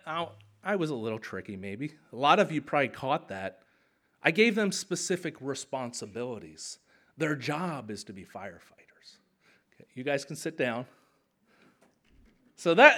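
A man in his thirties, a pastor preaching a sermon in an animated, conversational way. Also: fairly high pitch.

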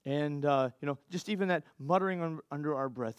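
A man's voice: a little high, brisk, smooth, dry recording, clean studio sound. A man preaching a sermon in a conversational way, with asides, restarts and rhetorical questions to the congregation. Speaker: pastor.

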